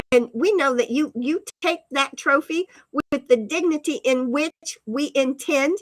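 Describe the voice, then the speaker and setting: Woman stream host, playful and giggly, high voice, close and dry. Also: fairly bright tone, no echo, rough recording. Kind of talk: casual live-stream chat, reading viewer comments.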